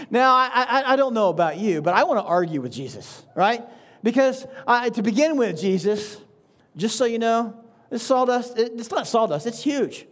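A man's voice: sits high, lively intonation, moderate pace. A man giving a sermon as pastor, talking in a conversational way, often checking in with "right?" and chuckling between points.

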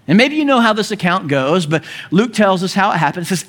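A man preaching a sermon as pastor, telling the story with animated energy and acting out voices with chuckles along the way. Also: high voice, fast, few pauses.

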